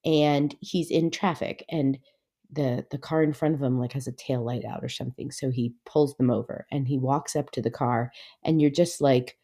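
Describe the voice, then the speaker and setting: A middle-aged woman hosting a Christian podcast, telling a story in a chatty, rambling way that turns animated as she retells it. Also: normal speed. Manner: chatty storytelling, lots of "like" and "anyway"; grows animated and high-pitched when retelling. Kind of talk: devotional podcast talk.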